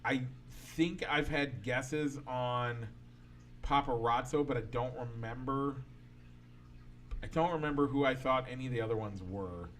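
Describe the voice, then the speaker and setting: A man's voice: medium pitch, unhurried, fairly bright tone, a little hiss or hum. A man co-hosting a casual podcast, arguing his opinions at length in a loose, rambling way with many restarts. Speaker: podcast co-host. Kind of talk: casual sports and pop-culture chat.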